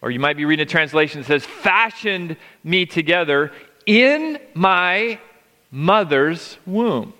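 A man's voice: on the high side, lively intonation, measured pace, pushed and bright. A middle-aged man preaching a sermon, emphatic, stretching key words and restarting phrases. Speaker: pastor. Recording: long reverb of a large hall.

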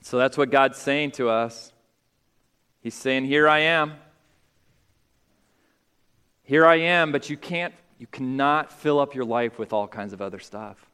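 A man's voice: a little slow, clean tone. Preaching man in a reverberant church. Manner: rises to loud, high emphatic peaks, then drops quiet. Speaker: pastor. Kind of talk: sermon. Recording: long hall reverb.

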